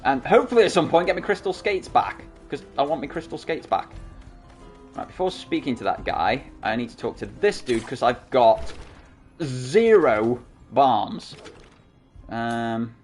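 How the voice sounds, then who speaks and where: A man's voice: mid-range voice, sing-song, measured pace, soft background music. A man hosting a game playthrough who talks casually, joking at his own expense, into a desktop microphone. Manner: chatty, self-mocking. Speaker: gaming channel host. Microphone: desktop USB microphone.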